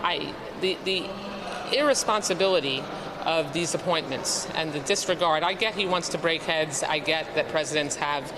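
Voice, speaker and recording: A woman politician answering interview questions in a measured, halting, formal way. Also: deep voice. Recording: noisy outdoor street audio.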